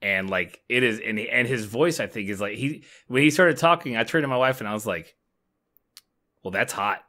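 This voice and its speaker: A man from the United States co-hosting a podcast in casual chat, animated and laughing often, swearing now and then. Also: mid-range voice, a little fast. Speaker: podcast co-host.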